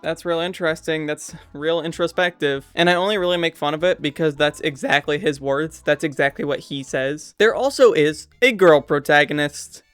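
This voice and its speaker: A young man with a fairly high, smooth, resonant voice talks through a movie review in casual, sarcastic commentary. The sound is dry and close, with faint music playing underneath. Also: normal speed, hardly any pauses, a bit bright, no echo. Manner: sarcastic, blunt.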